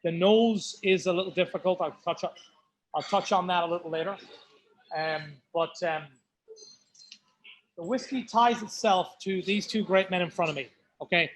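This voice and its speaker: The recording is low quality, with a little hiss or hum, as a high-voiced man from County Mayo, Ireland, hosts a pub whiskey tasting. Speaking in a Mayo accent at a moderate pace with long pauses, he chats to the group casually and tells loose stories as he goes.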